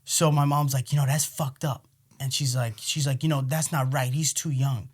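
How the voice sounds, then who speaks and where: A man, co-hosting a podcast and telling stories in a profane, animated way. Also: mid-range voice, moderate pace, breathy edge. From Queens, New York. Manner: animated, profane, swings into loud outbursts acting out arguments. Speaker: podcast co-host. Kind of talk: casual storytelling chat.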